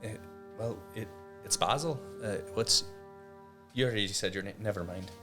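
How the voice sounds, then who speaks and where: A man's voice: fairly low pitch, music in the background, lightly acted. Sex: man. Figure: a man doing a hesitant, lost adventurer. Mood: awkward. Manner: hesitant, halting. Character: confused, lost-for-words adventurer.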